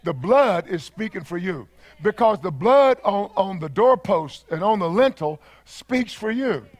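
A high-voiced man with a Texan accent preaches a sermon as a pastor. He talks fervently, repeats his key phrases, and builds toward shouted climaxes. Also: lively intonation, measured pace.

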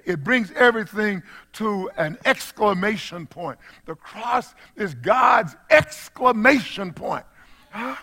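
An older man preaches with a high, bright voice that cuts through. He is folksy and repeats his phrases, chuckling here and there. He moves from quiet, confiding asides to ringing shouts. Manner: swings from hushed asides to shouted exclamations. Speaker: pastor. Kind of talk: sermon.

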